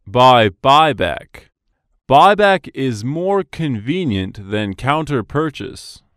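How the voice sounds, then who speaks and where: A man reading scripted business dialogues for English practice, slow and carefully enunciated. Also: mid-range voice, sing-song, a bit bright, no echo, clean studio sound.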